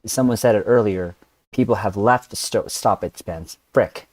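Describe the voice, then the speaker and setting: Low-voiced man joking on a dry mic. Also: a little slow, a little mellow, no echo. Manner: jokey, self-interrupting, trails off. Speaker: podcast host. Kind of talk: casual discussion.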